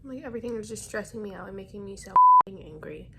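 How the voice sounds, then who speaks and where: A fast-talking vlogger with few pauses and an expressive, medium-pitched voice records a casual video diary; she is heavily pregnant and young. Moving from home to a hospital, she addresses her phone camera bluntly, swearing while in tears and in labor pain, with background noise present.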